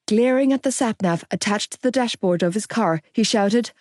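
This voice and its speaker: A woman narrating a romance audiobook in the first person, expressive and unhurried. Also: mid-range voice, no echo, clean studio sound.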